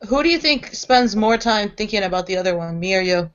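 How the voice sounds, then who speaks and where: A woman's voice: medium pitch, lively intonation, brisk. A woman pressing others with pointed questions in a casual online chat, over lo-fi call audio. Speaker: guest in online hangout.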